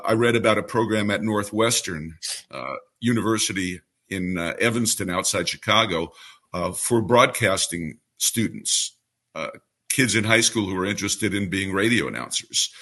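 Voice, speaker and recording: A man in his seventies from New York City, a veteran baseball radio broadcaster telling stories as an interview guest in a smooth trained announcer delivery. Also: fairly low pitch, moderate pace. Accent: New York, mostly trained away. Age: 70s. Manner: relaxed anecdotal storyteller with a polished announcer delivery. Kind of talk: storytelling interview answer.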